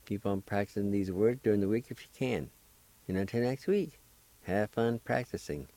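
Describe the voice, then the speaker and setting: A man hosting a radio language lesson, patiently spelling words and sounding out syllables slowly, with encouraging words for learners. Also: fairly low pitch, lively intonation, dark tone, dry recording. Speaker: radio language teacher and host. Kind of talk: slow step-by-step pronunciation lesson.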